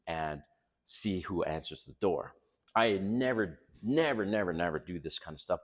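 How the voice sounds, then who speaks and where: An older man hosting a vlog, telling personal stories in a frank, casual way and swearing freely. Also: deep voice. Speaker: host.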